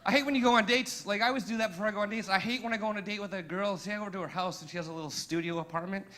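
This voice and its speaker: A man's voice: high voice, racing, pushed and bright. A young man performing a crude stand-up comedy set, telling brash stories with acted-out dialogue on a comedy club stage.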